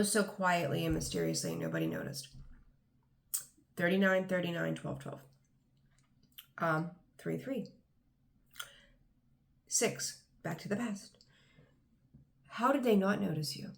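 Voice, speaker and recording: Excited rambling female tarot reader, gravelly low edge to the voice. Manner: rambling, enthusiastic, frequent ums. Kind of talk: casual tarot reading to camera.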